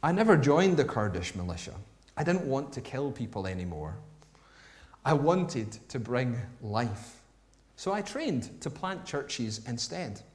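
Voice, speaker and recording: A calm, steady grown woman who was once a fighter and now plants churches, as a male preacher puts her on. She speaks quietly and evenly, in a voice pitched a little above his own. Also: a little slow.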